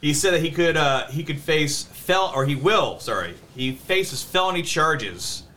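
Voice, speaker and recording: Bright-voiced laughing male podcast host. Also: fairly high pitch, animated, a little slow, a little hiss or hum. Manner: laughs often, stumbles over words. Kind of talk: casual chat, reading news stories.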